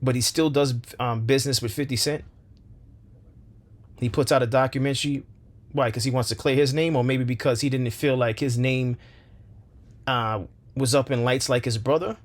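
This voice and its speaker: A man's voice: medium pitch, fairly even intonation, normal speed, pauses often. A man hosting a commentary channel, speaking with passion, firing rhetorical questions and repeating phrases for emphasis. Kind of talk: opinion commentary monologue.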